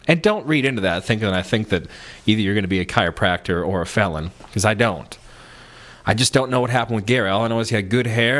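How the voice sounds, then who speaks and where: A man's voice: mid-range voice, fairly bright tone. A young man hosting a broadcast, telling a rambling comic story full of self-mocking asides. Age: young adult. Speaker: podcast host.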